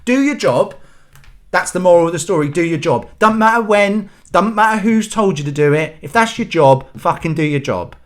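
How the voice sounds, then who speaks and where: A man's voice: sits high, brisk, few pauses. A man hosting his own channel, ranting in an exasperated, sweary, rambling way. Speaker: channel host. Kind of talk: ranting vlog monologue.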